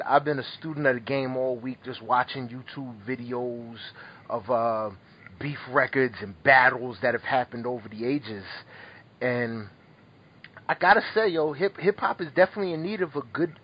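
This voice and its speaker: A man's voice: medium pitch, breathy edge, highs cut off. A man hosting a podcast in casual chat, laughing and rambling, a little tipsy after a couple of drinks. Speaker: podcast host.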